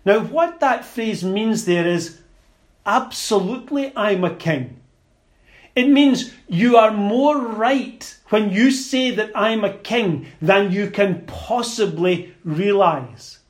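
Slow, high-voiced preacher man. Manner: slow, deliberate and emphatic, with small stumbles and repeats. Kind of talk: sermon.

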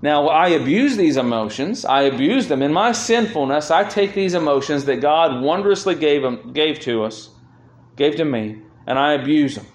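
A man's voice: on the high side, expressive, normal speed. A man preaching a sermon as pastor, speaking earnestly and swelling with feeling when he reads scripture aloud. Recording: roomy echo.

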